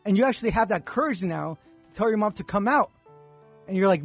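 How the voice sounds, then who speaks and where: A man's voice: high voice, expressive, fast, breathy edge, faint music behind. A man co-hosting a podcast, telling a long religious parable in casual chat, acting out the characters' lines and checking in with "right?". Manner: storytelling, acts out dialogue, repeats "right?". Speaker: podcast co-host.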